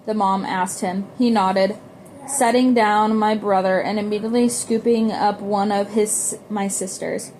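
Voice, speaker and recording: A woman's voice: medium pitch, a little mellow, slight background noise. A woman reading a novel aloud in an unpolished way, often stumbling and restarting words. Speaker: audiobook reader.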